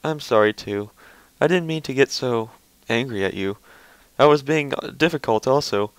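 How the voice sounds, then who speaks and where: A man reading the lines of a refined, emotional female unicorn pony in a soft, genteel, earnest way, his voice smooth and clear. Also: mid-range voice, normal speed, no room sound, natural voice, rough recording. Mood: tender.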